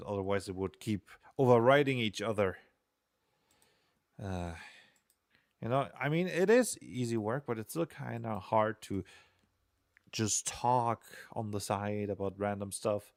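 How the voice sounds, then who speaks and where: A man's voice: on the low side, gravelly, no echo, studio quality. A young man streaming while he programs, chatting casually and rambling in a self-deprecating way with frequent chuckles. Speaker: game designer streaming programming.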